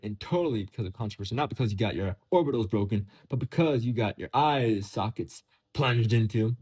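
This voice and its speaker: A man of middle pitch riffing through a casual commentary over photos. He is sarcastic and jokey, and his voice swoops high and then drops low again as he teases and exaggerates. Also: a little mellow, husky. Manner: joking, sarcastic, with big pitch swings. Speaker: MMA commentary vlogger.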